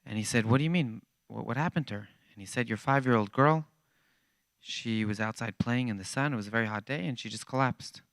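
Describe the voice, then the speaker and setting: A man preaching to a church congregation, acting out each character in his story with lively energy. His voice is bright and smooth, and it is recorded close and dry. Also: medium pitch, a little fast, no echo. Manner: animated storyteller acting out dialogue. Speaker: guest speaker at a church.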